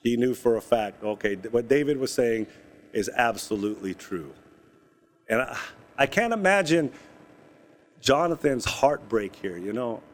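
A man's voice: mid-range voice, expressive, unhurried, long pauses, a little hiss or hum. A man preaching a sermon, reading scripture and explaining it in a casual, conversational way with asides and jokes. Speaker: pastor.

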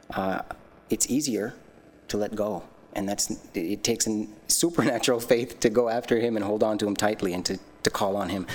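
A lay speaker with a fairly low-pitched voice gives a personal testimony during a sermon. Earnest and animated, he tells his story with frequent restarts and self-conscious laughter.

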